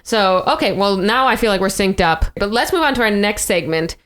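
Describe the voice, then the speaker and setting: A woman hosting a casual podcast. She tells stories bluntly and with a lot of animation. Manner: animated, blunt storytelling, quick pitch jumps when joking. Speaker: podcast host.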